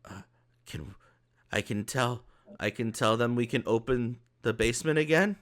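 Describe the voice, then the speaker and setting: A man's voice: mid-range voice, a bit bright, pitched above the performer's own voice, natural voice. A man voicing a small, timid male goblinoid who stammers and hesitates. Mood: nervous. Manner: hesitant, halting with ums.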